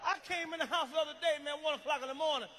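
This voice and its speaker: A man doing stand-up on stage, telling rowdy stories in a loud, brash way. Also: extremely high pitch, rapid-fire, a loud crowd. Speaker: stand-up comedian. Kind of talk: stand-up comedy. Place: stage in front of a crowd. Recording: noisy stage recording.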